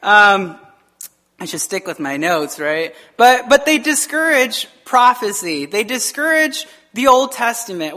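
A male pastor preaches with an animated, conversational delivery. He wanders into quick asides and slips into the voices of people he quotes. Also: high voice. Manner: frequent fillers and quick asides. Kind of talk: sermon.

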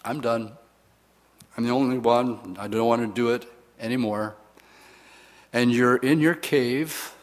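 A man preaching a sermon and acting out the lines of the people he quotes. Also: mid-range voice. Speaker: pastor. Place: church. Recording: long reverb of a church hall.

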